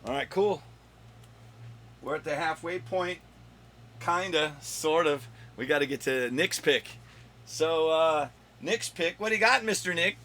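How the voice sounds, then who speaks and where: A man hosting his own video countdown of comic finds, rambling and joking with his son off camera, with a slightly hoarse voice. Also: medium pitch, a bit bright, a little hiss or hum. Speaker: comic collector and channel host.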